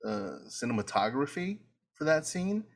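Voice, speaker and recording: A man with a mid-range voice co-hosts a relaxed movie rewatch podcast. He talks in an easygoing, jokey way and keeps dropping "bro" into his comments. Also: medium pitch, normal speed. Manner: laid-back and jokey, calls his friend "bro". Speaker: podcast co-host. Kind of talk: casual movie rewatch chat.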